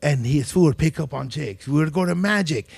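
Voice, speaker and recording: A man's voice: a little high, animated, fairly quick, vocal fry, a little mellow, husky, no echo. A man hosting a podcast, telling loose, profane stories in casual chat and acting out quotes from other people. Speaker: podcast host.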